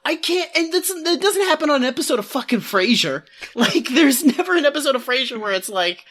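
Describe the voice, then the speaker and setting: A woman co-hosts a casual comedy podcast in a high, slightly bright voice with big pitch swings and a brisk pace. She rambles sarcastically and uses lots of filler words.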